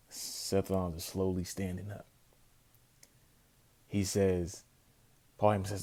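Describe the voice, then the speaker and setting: A man in a casual review vlog recounting a wrestling event with animated, emphatic storytelling. His voice sits very low, with a dark, mellow tone. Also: measured pace, pauses often.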